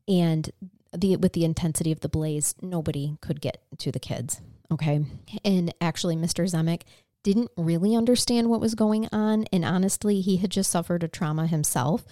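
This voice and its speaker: A woman recounts a true crime case as a podcast co-host, sounding earnest, conversational, and emotionally moved. Her voice is fairly low and mellow, captured in a dry recording with clean studio sound.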